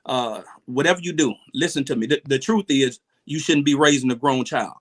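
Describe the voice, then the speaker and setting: Earnest halting man giving advice. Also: medium pitch. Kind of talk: casual livestream chat.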